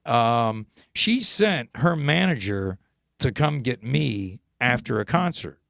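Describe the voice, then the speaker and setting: Gravelly man telling stories animatedly. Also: takes it slowly, dry recording, clean studio sound. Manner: animated, jumps high when quoting people. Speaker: host. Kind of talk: casual storytelling chat.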